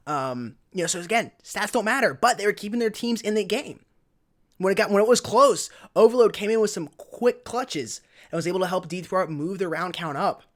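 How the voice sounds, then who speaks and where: A man's voice: high voice, a little fast. A man casting an esports match in a casual, joking way with rambling asides. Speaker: esports caster.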